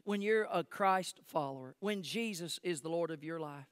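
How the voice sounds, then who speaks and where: High, bright-voiced man preaching a sermon. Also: lively intonation, moderate pace, clean tone, no echo, clean studio sound. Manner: dramatic, swings from shouting to hushed asides. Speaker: pastor. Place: church sanctuary.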